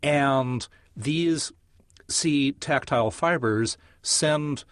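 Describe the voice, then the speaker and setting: A man as a science guest on an interview show, explaining in a measured, lecture-like way with vivid examples. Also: medium pitch, a bit bright, no room sound, clean studio sound. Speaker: neuroscientist guest.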